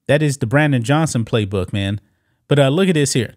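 A man's voice: medium pitch, animated, brisk, dry recording, studio quality. A man hosting casual political commentary, mocking and talking straight to his viewers. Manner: mocking, addresses viewers as guys.

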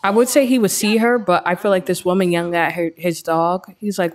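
A woman hosting a let's-play, giving chatty, excitable commentary as she tells her game's story. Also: lowish voice, brisk. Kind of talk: casual gameplay commentary.

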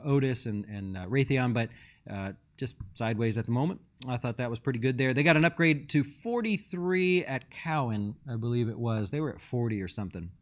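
A man in the host's chair of a casual market show, chatting his way through stock prices and viewer questions. His voice sits at an ordinary middle pitch, and his delivery is loose and unpolished, full of fillers and false starts. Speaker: fund manager and show host.

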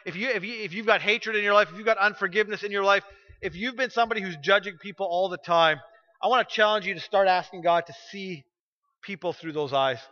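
A man's voice: sits high, fast, pushed and bright. A middle-aged male pastor preaching a sermon, telling stories and pressing his points with emphatic repetition. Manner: storytelling, emphatic, repeats phrases when pressing a point. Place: church sanctuary. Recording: dull recording with long hall reverb.

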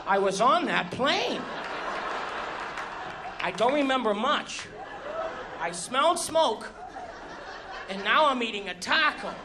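A male stand-up comedian telling stories on stage with animated exasperation. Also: very high voice, takes it slowly, pauses often, crowd noise, noisy background. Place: comedy stage before an audience. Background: audience laughter.

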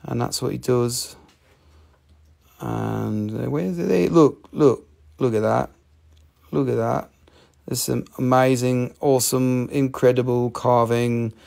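Gravelly, joking man selling rocks live. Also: medium pitch, fairly even intonation, slow pace, long pauses, a little mellow. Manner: joking, rambling, swears casually. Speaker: rock and mineral seller on a live stream. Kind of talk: casual live sales chat.

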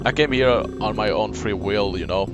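A man voicing a gentle, secretive elderly woman in her sixties who softly calls people dear, over game music. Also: on the low side, normal speed, highs cut off, lightly acted. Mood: wistful. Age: 60s. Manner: soft-spoken, sweet, calls people dear.

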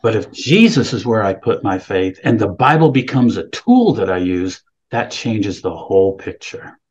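A man's voice: on the low side, sing-song, moderate pace, a little mellow, breathy edge, muffled recording. A man preaching a sermon, reading scripture aloud with rising emphasis and then explaining it plainly. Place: California, speaking remotely.

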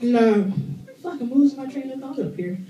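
A woman's voice: sits high, a little slow. A woman performing a stand-up comedy set in a comedy club, loose and profane, laughing through her jokes. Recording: roomy club recording from far off with crowd. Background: audience laughing.

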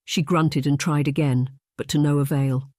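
A narrator reads a romance novel for an audiobook, telling the story in a steady, measured way. The scripted narration is delivered at a medium pitch, with clean studio sound and no echo.

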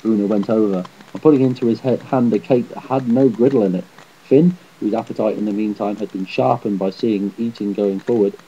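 A man reading a fairy tale aloud in a measured, slightly unpolished delivery. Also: fairly low pitch, steady tone, mellow, breathy edge. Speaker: storyteller. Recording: dull lo-fi home recording.

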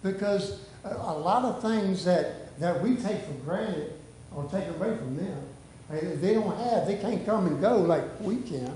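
A man's voice: high-pitched, lively intonation, unhurried, warm tone, echoey room, slight background noise, low-quality recording. A man preaching a sermon in a church. He reads scripture aloud and then preaches off the cuff, with lots of "hey" and restarts. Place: church sanctuary.

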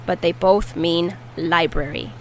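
Female language teacher, slow deliberate delivery, lowish voice, faint hum behind. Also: fairly even intonation, low-quality recording. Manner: slow, careful repetition of words. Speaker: Spanish teacher. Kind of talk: language lesson.

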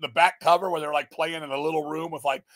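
Gravelly, foul-mouthed man ranting. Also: on the high side, steady tone, fast, no room sound, studio quality. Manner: loud, swearing, mocking, bursts into shouted parodies. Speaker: podcast guest. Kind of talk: profane casual chat.

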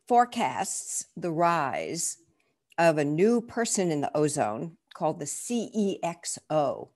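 A woman who is an author and management consultant, introducing herself in a measured, earnest way over a video call. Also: fairly low pitch, darkish tone. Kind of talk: self-introduction.

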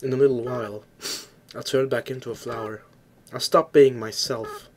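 A man reading game dialogue aloud as a remorseful young goat-monster boy, soft and halting. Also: medium pitch, a crowd in the background, close to an everyday voice. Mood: tender farewell. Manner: soft, halting, stumbling over words.

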